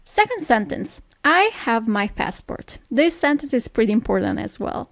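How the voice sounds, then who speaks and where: A woman with an Italian accent, teaching phrases in a patient lesson, saying each one slowly and repeating it. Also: fairly high pitch, sing-song, no room sound, studio quality. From Italy.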